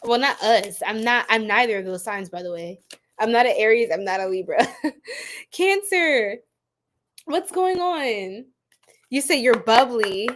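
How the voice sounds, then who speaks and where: A woman's voice: on the high side, animated, measured pace. A woman tarot reader, chatting and joking with viewers on a live stream and laughing often. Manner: laughing a lot, playful, chatty.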